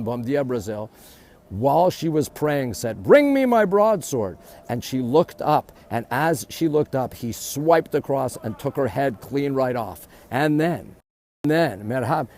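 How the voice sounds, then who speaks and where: A chatty man leads a live walking tour outdoors, speaking into a phone he holds as he goes. He keeps cutting into his tour facts to greet viewers by name. His voice sits at an ordinary middle pitch. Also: darkish tone. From Canada. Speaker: live-stream tour guide. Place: outdoors at a historic castle. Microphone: phone held while walking.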